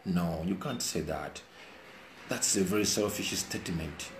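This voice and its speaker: A man's voice: low voice, measured pace. A man giving an earnest, preachy monologue, emotional and mixing two languages, speaking indoors. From Uganda. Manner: earnest, preachy, switches between Luganda and English. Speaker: commentator speaking to viewers. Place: indoors, rain outside. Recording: roomy echo, faint background hiss.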